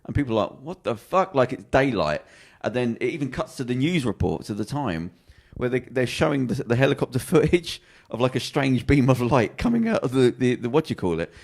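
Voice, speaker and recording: A man, a podcast co-host retelling a TV plot in casual chat, rambling and animated, acting out quotes as he goes. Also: mid-range voice, a little fast, creaky, hardly any pauses. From England. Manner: rambling, animated storytelling with acted quotes and restarts.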